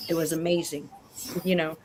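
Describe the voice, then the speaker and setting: Woman, deep voice, rambling, self-correcting, remote call, faint hiss. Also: little pitch movement, normal speed, a little mellow. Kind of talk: casual chat.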